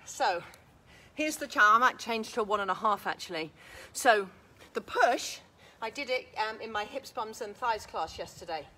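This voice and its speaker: A woman's voice: medium pitch, expressive, normal speed, pushed and bright. A woman leading a live workout class, counting reps, cueing moves and encouraging everyone while a bit out of breath. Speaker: fitness instructor. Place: outdoors.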